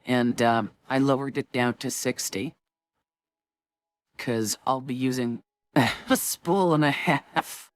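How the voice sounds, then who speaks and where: A woman's voice: extremely low pitch, slow, dry recording. A woman streamer chatting casually with her viewers before a tabletop game, rambling and full of filler words.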